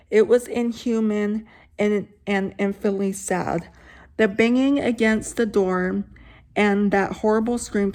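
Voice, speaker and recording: A woman's voice: mid-range voice, darkish tone. A woman reading a scary story aloud, stopping now and then for casual asides. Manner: reads steadily, breaks off for casual asides.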